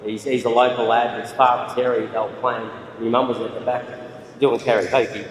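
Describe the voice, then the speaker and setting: A middle-aged Australian man talks off the cuff at a trophy presentation, stumbling through restarts and fillers. His voice booms around a large, reverberant hall and is picked up from well back. A faint hum of the room sits underneath. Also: flat delivery. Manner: halting, rambling, frequent restarts. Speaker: eight ball player giving a speech. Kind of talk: impromptu acceptance speech. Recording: echoey hall, distant mic.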